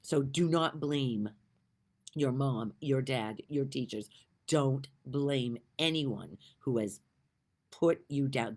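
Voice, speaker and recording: Earnest low-voiced woman, husky and lively. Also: slow pace. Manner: emotional, earnest, swings between soft and emphatic. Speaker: spiritual speaker. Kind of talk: heartfelt inspirational monologue.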